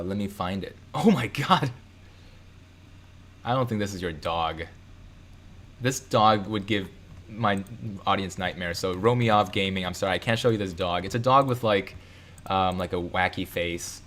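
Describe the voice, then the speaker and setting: Low-voiced man hosting a casual livestream. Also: slight background noise. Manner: loose and rambling, many fillers and self-corrections. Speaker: live-stream host. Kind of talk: casual live-stream chat, reading viewer comments.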